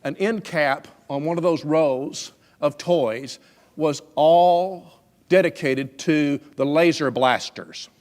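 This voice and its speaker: A man's voice: fairly high pitch, slow pace, a little mellow. A man preaching a sermon through stories, folksy, conversational and emphatic. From Alabama, USA. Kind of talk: storytelling sermon.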